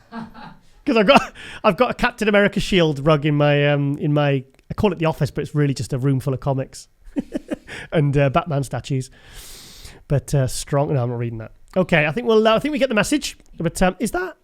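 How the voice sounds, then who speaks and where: Male host, higher pitch, loose rambling chat with frequent laughs. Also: lively intonation, normal speed. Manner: chatty, rambling, laughs often. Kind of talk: casual show commentary.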